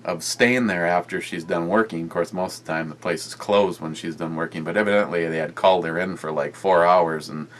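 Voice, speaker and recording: Low-voiced rambling man, beer vlogger. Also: steady tone, brisk, few pauses, a bit bright, slight background noise. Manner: rambling, many fillers and restarts. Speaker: beer reviewer. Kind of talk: rambling casual vlog chat.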